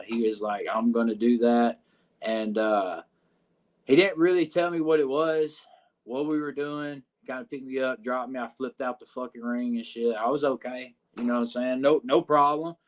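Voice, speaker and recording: In a steady, medium-pitched voice at moderate pace, a wrestler with a Southern accent shares a locker-room story as a podcast guest. Expect frequent profanity, rambling, and repeated "uh" and "you know what I'm saying."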